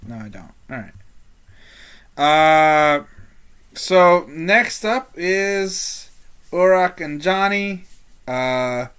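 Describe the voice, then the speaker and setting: A game master narrating a tabletop role-playing game, talking slowly and haltingly, with many fillers. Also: mid-range voice, animated, fairly bright tone, smooth.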